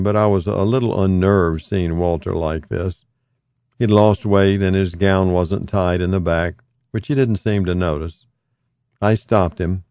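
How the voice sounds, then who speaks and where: A man reading his own memoir aloud in a calm, measured way. His voice sits a bit low and sounds mellow and warm. The recording is close and dry, with no room sound. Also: no room sound. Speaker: narrator. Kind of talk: first-person audiobook memoir narration.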